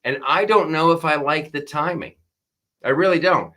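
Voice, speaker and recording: A man's voice: on the high side, normal speed, sharp tone. A man hosting a live comedy talk stream in a casual chat style, riffing jokes and reading viewer comments aloud.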